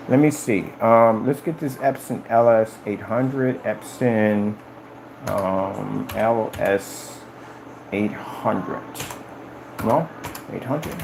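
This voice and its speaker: A man talking casually on a live stream about his company's products, boastful and animated, often acting out conversations in a raised voice. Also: drawn-out words, vocal fry, a little hiss or hum, poor audio. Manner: animated, boastful, retells conversations in high-pitched quoted voices.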